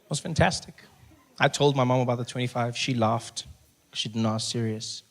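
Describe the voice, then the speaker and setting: Performing stand-up live on a theater stage, a South African man tells stories and mimics other people's voices for the audience. His mid-range voice moves a little fast, and background noise can be heard.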